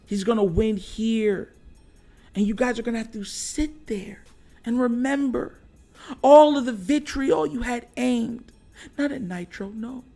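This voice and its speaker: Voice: medium pitch, unhurried, vocal fry, mellow, soft background music. Slangy, trash-talking sports fan host. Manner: trash-talking, slangy, laughs often between lines. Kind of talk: casual sports fan rant.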